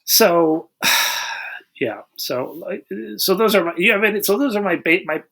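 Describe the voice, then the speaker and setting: Opinionated man with a lively, higher voice. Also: measured pace. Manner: blunt, opinionated movie critic with many restarts. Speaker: podcast co-host. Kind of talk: casual chat.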